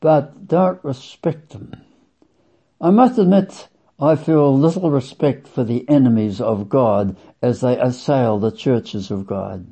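A man preaching a sermon, emphatic and deliberate, stretching key words and swinging his voice up for stress. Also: breathy edge. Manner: emphatic, sweeping swings in pitch and loudness; slow, deliberate, drawn-out phrasing. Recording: dull lo-fi recording.

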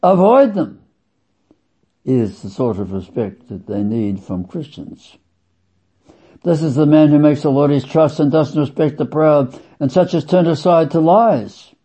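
A man preaching a sermon, emphatic and deliberate, stretching key words and swinging his voice up for stress. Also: lively intonation, slightly rough. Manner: emphatic, sweeping swings in pitch and loudness; slow, deliberate, drawn-out phrasing. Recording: dull lo-fi recording.

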